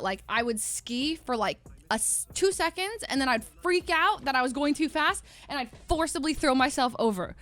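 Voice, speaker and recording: High-voiced young woman telling a story. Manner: animated, laughing, acts out quotes in a higher voice. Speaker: livestreamer. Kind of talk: casual storytelling to stream chat.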